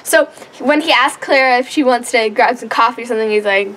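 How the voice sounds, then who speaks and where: A woman's voice: a little high, brisk, a bit bright. A female co-host chatting casually about a TV episode and keeping the talk on track. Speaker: show co-host reviewing an episode. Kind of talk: casual chat.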